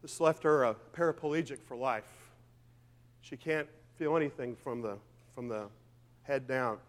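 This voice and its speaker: A pastor preaches a sermon with fervent emphasis and rhetorical questions, swinging between loud declarations and quiet, low asides. His pace is a little slow, and a long reverb tail trails his words.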